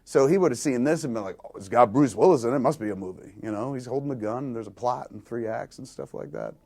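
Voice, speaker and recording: A film director in an interview, telling a long story in a rambling, self-deprecating way and acting out quoted dialogue. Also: male voice, medium pitch, expressive, fast, gravelly, warm tone.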